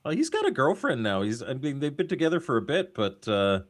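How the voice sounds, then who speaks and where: A man joining a casual livestream chat, quick with teasing jokes and punchlines. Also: medium pitch, huge pitch swings.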